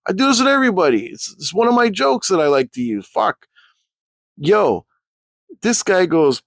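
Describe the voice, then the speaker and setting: Animated, profane man telling a story. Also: fairly high pitch, moderate pace, dry recording, clean studio sound. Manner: animated, profane, rambling, jumps into quoted voices. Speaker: channel host. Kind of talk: casual storytelling vlog.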